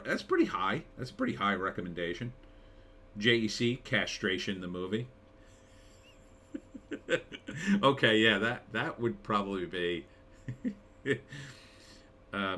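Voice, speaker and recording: A man's voice: fairly low pitch, sharp tone. A middle-aged man hosting a casual live stream, rambling and chuckling as he reads viewer comments aloud. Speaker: live stream host reading chat.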